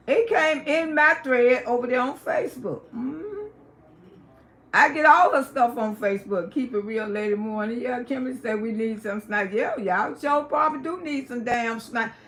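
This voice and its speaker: A woman hosting a live stream, giving gossip commentary in a loud, emphatic, profane rant. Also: high voice. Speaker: livestream host.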